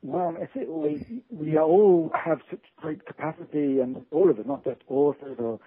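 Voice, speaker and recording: A male author guest talking earnestly in a casual interview, halting often and restarting his sentences. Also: on the high side, husky, dry recording. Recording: tinny phone line.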